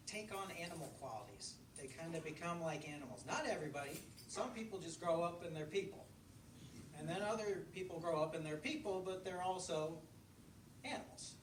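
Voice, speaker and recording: A man's voice: sits high, fairly bright tone. Man reading aloud in an echoey bookstore. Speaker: author reading his fiction. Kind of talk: live reading at a book launch. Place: bookstore event room. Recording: echoey room, distant mic, crowd hum.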